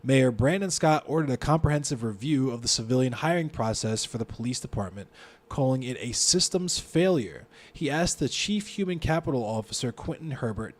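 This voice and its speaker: A man with a Baltimore accent, streaming live, reading a news story aloud and reacting to it with a lot of swearing. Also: medium pitch. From Baltimore, United States. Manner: profane, reacts loudly to what he reads.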